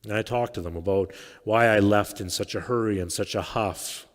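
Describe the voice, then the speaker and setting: A man's voice: on the low side, moderate pace. Reflective male pastor in a reverberant church. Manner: reflective, with quiet trailing phrases. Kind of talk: sermon. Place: church sanctuary.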